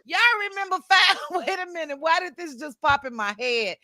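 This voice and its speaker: Lively high-voiced woman hosting a chat show. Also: moderate pace. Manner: animated, laughs often, exclaims to the chat. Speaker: talk show host. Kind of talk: casual livestream chat.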